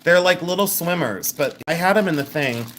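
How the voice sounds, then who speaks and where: A woman's voice: lowish voice, lively intonation, a little fast, fairly bright tone, slight background noise. A middle-aged woman hosting a live jewelry sale in a chatty, joking way, laughing often. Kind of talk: live-stream sales chat.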